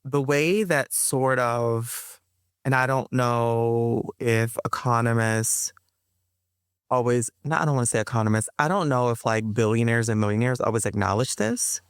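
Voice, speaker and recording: A woman poet and interview guest who speaks with a measured, thoughtful cadence and corrects herself as she goes. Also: a bass voice, smooth, no echo, studio quality. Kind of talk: spoken-word poetry and interview talk.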